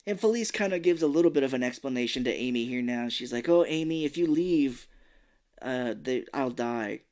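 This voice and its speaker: A man's voice: mid-range voice, a little fast. A young man co-hosting a podcast, casually recapping a movie scene by scene and acting out the characters in silly voices. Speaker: podcast co-host.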